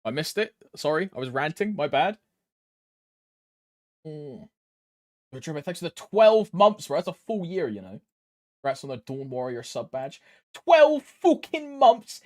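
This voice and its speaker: A man's voice: on the high side, animated, normal speed, pauses often, no echo. A game streamer chatting with sweary, laddish banter. His voice swings widely up and down as he talks. The sound is close and dry, with no room around it. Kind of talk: casual live stream chat.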